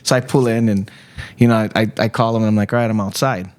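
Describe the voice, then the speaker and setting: Man, late 40s, guest, animated storytelling, frequent laughter, acts out quotes. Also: lowish voice, quick pace. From Chicago. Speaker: guest artist. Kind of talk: casual storytelling chat.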